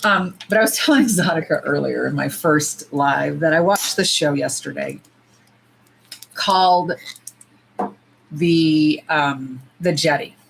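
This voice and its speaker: A woman's voice: deep voice, unhurried, vocal fry, slight background noise, poor audio. A woman from the US, chatting casually and animatedly on a nail-swatching livestream, cursing freely and saying y'all. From United States.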